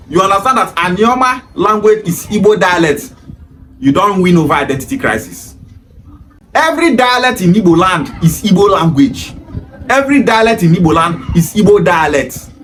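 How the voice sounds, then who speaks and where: A man's voice: sits high, fairly bright tone. A Nigerian man speaking English with Pidgin phrases, delivering a scolding monologue full of repeated rhetorical questions. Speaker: commentator. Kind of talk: ranting monologue.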